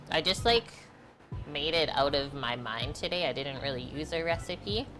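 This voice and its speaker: Low-voiced chatty woman streamer. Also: moderate pace, fairly bright tone, faint music behind. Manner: chatty, answers chat, many "like" fillers. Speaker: live-stream cooking host. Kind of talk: casual live-stream chat.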